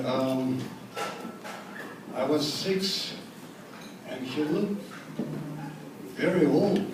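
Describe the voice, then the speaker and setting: A man with a Russian accent giving a joking, rambling wedding speech, recorded from afar in a large hall. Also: mid-range voice. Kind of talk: wedding toast, storytelling. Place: large indoor hall at a party. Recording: echoey hall from far off, crowd noise.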